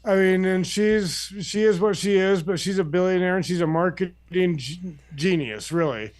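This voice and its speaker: A man's voice: high voice, normal speed, a little mellow, dry recording. An older man and grandfather chatting casually as co-host, laid-back and swearing freely. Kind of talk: casual chat.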